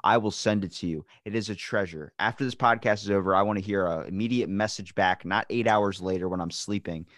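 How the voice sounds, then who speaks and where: A man's voice: fairly low pitch, brisk, few pauses, a bit bright, no room sound, studio quality. A man hosting a podcast, chatting casually with a friend, teasing, playfully needy and swearing. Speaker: podcast host.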